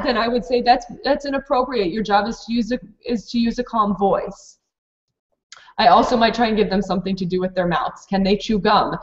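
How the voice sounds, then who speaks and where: A woman presenting a teacher webinar, practical and matter-of-fact, with many fillers. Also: fairly high pitch. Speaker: preschool program director presenting to teachers. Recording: dull lo-fi webinar audio.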